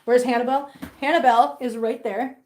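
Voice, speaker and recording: A woman's voice: on the high side, steady tone, moderate pace, darkish tone. A woman hosting a casual livestream at home, baby-talking to her cats and chatting with viewers. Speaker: host of a cat-care livestream.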